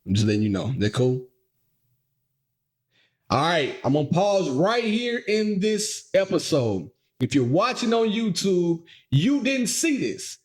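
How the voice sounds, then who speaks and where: Male podcast co-host, casual and joking, talks to the audience, bouncy expressive pitch. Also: a little slow, hardly any pauses. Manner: playful, animated storytelling with frequent laughs; addresses listeners directly. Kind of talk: casual chat.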